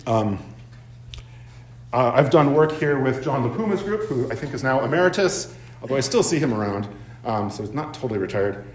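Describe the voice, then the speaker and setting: In an echoey university seminar room, a man lectures in a mid-range voice that is expressive and a little fast. He leans on frequent ums and tag questions of "right?", and a faint hiss or hum sits under the audio.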